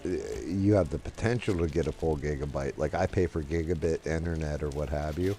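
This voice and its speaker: A man's voice: rumbling low, fairly quick, warm tone. A middle-aged man hosting a stream, chatting casually and rambling while gaming, swearing offhandedly into a desk microphone. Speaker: streamer, host.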